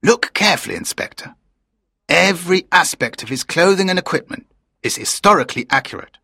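A man's voice: high voice, animated, a little fast, vocal fry, bright, forceful tone, breathy edge, no room sound, studio quality, exaggerated voice. A man playing a proud, enthusiastic man in his late fifties. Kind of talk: audiobook character dialogue.

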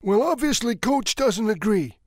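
Laid-back teen boy in an audiobook, raised high, voiced by a male narrator. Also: lively intonation, a little slow, no room sound, clean studio sound, heavily acted. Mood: easygoing. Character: easygoing teenage schoolboy. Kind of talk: audiobook character voice.

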